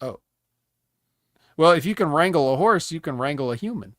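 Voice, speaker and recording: A man's voice: on the high side, expressive, moderate pace, no echo. A man co-hosting a wrestling review podcast, recapping matches in a dry, joking, rambling way. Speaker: wrestling show co-host. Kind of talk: casual podcast chat.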